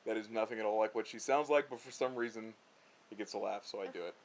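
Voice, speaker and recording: A man co-hosting a casual vlog chat, rambling and animated, often restarting his sentences. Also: fairly low pitch, fast talker, a little hiss or hum. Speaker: vlog co-host.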